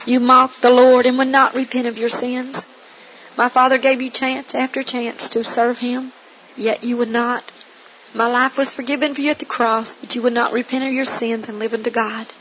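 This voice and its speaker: A woman's voice: on the high side, fairly bright tone, slight background noise, lightly acted, rough recording. A woman reading the solemn, grave words of a stern yet loving male divine figure.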